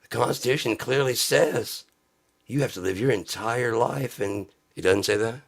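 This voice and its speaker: A man's voice: mid-range voice, measured pace, creaky, pauses often. A man doing a profane, sarcastic satirical comedy rant. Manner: sarcastic, profane, jumps into mocking voices.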